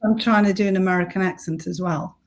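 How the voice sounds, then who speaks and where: A woman taking part in an online acting workshop as a student, answering her teacher in brief, soft-spoken replies. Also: fairly low pitch, fairly even intonation, fast.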